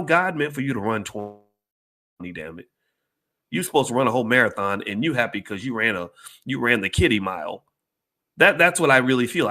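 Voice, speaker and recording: A man's voice: mid-range voice, bright, forceful tone. A man speaks to a live audience in a fervent, emphatic way. His mid-range voice rises and falls a great deal as he drives each point home. He repeats phrases and keeps checking whether the crowd understands him. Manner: emphatic and repetitive, asks the crowd if they follow. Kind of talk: impassioned speech.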